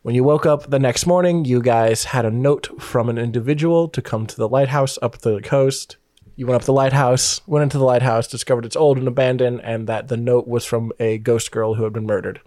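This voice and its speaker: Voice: medium pitch, steady tone, brisk, mellow, no room sound. Rambling casual tabletop game master. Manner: rambling, self-correcting, casual.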